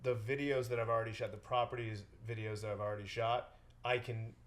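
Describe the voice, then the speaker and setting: A London-accented man chats as a podcast guest. He tells stories in an animated way and acts out what other people said. His voice sits at an average pitch. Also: fast. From England. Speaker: guest, real estate agent. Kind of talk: casual interview chat.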